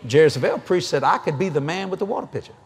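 A man's voice: fairly high pitch, lively intonation, racing, husky. A middle-aged man preaching a sermon at a convention, telling folksy stories and acting out the dialogue. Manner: folksy storytelling, acts out dialogue, laughs often. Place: large convention hall, live audience.

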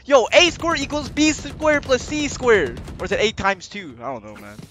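A man streaming a shooter game, talking loudly and excitably, yelling at teammates and rambling crude jokes between rounds. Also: very high voice, normal speed, noisy background. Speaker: gaming streamer. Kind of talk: casual live gameplay commentary.

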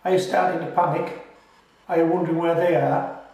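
A man from the United Kingdom hosts a gardening video in a relaxed, joking, reassuring way, now and then laughing at himself. His voice sits a little high. He sounds set back from the mic in a very echoey space. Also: a little fast. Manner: talks with his mouth full at times. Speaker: gardening channel host. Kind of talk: casual friendly how-to talk. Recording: very echoey, voice from a distance.

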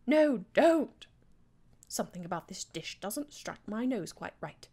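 A woman voicing a pompous rival male chef in a game, speaking slowly in a put-on accent and drawing out her words. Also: medium pitch, big pitch swings, mellow, slightly rough. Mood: alarmed. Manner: haughty, slow, drawn-out. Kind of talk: game dialogue read aloud.

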